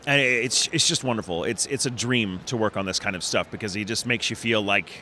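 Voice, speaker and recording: A middle-aged man from Texas, a voice actor talking in a convention interview, animated and quick to restart his sentences and laugh. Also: lowish voice, slight background noise. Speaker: voice actor guest.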